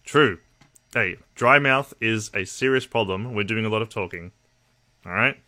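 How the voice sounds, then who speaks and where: A man's voice: lowish voice, normal speed, bright, forceful tone. A man from Australia with an Australian accent, hosting a casual livestream and chatting bluntly and profanely with his viewers. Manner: blunt, profane, talks to chat. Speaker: livestream host.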